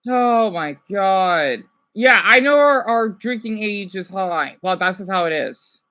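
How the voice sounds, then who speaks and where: A man's voice: high voice, lively intonation, measured pace, muffled recording. A man from Arizona reacting to a news clip, ranting heatedly with lots of swearing and rambling asides. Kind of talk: profane reaction rant.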